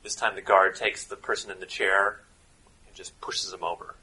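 A man running a tabletop role-playing game, narrating in a relaxed way with chuckles and fillers. His voice is bright and somewhat husky, pitched a bit low. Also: moderate pace, poor audio. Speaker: game master.

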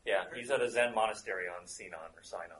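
A man's voice: fairly low pitch, fast, fairly bright tone, rough recording. A man running a tabletop role-playing game as game master, chatty and often stopping to search for words.

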